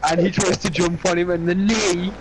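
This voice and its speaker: A man in a casual gaming chat who gets excitable and loud when recalling hype moments. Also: high-pitched, moderate pace, a loud crowd, rough recording.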